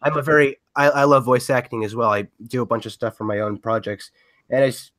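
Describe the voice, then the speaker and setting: A man hosting a podcast interview, his voice raspy from a recent illness, speaking haltingly with many fillers. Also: medium pitch, fairly even intonation, fairly bright tone. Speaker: podcast host.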